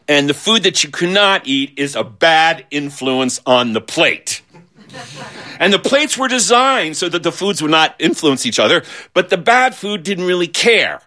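A man spinning a comic childhood tale with an animated, playful delivery. His voice is bright and sits a little high. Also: a little slow. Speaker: storyteller. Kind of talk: humorous storytelling.

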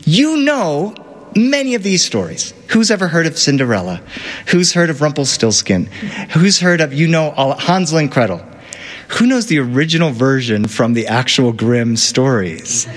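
A man telling a fairy tale to an audience in a playful, animated way, with asides to the listeners. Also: fairly high pitch, normal speed, big-room sound. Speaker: storyteller. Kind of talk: live storytelling to an audience.

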